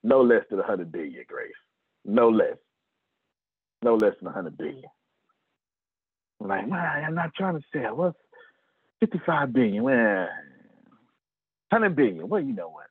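A middle-aged man giving an animated business pep talk to his team, acting out conversations in shifting voices. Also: mid-range voice, normal speed, long pauses, husky, no echo, narrow, tinny audio.

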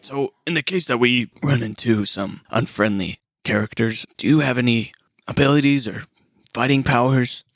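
A player in a tabletop game with a deadpan, measured way of talking. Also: mid-range voice, dry recording, studio quality.

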